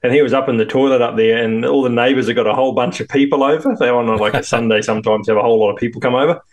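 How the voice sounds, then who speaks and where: A man's voice: medium pitch, steady tone, very fast. A man in his thirties with a New Zealand accent, a podcast co-host telling stories and dad jokes. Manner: laid-back, tells dad jokes, laughs easily. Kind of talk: casual chat.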